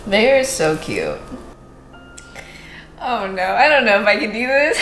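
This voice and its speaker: Slow, emotional woman in a roomy space. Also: a little high, sing-song, fairly bright tone, faint music behind. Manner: emotional, exclaiming, laughs often; casual slang. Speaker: book vlogger. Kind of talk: reading reaction vlog. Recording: roomy echo.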